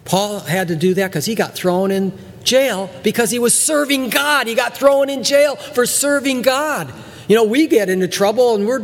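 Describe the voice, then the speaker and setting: A male pastor preaching a sermon with animated delivery, acting out voices and repeating words for emphasis. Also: sits high, long reverb tail.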